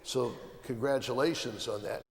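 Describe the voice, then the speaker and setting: A man's voice: mid-range voice, steady tone, moderate pace. A man from the American Midwest, an archbishop speaking as a guest on a panel. He talks emphatically, piling up repeated phrases and restarting his sentences. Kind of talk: conversational panel talk. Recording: long hall reverb.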